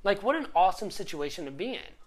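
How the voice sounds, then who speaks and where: A life coach giving a casual, animated motivational talk, often checking in with "right?". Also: medium pitch, fast.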